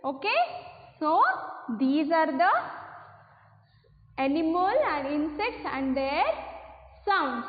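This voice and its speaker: A woman teacher with an Indian English accent gives a class lesson slowly, often checking "okay, children?". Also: sits high. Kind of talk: recorded online class lesson. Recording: echoey room over a tinny phone line.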